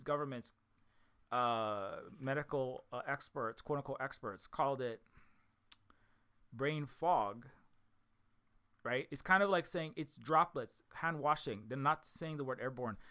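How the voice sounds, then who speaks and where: Bright-voiced man rambling with "right?". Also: mid-range voice, slow, long pauses, clear, resonant tone. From Hawaii. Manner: repetitive, restarts often, ends points with "right?". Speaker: indie game developer talking to his audience. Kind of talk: rambling solo commentary.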